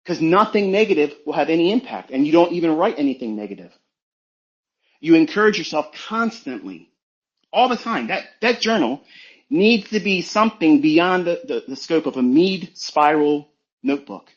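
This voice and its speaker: A man's voice: fairly high pitch, expressive, moderate pace. Blunt, profane man preaching, muffled audio. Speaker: trading mentor. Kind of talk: motivational talk on a live audio stream.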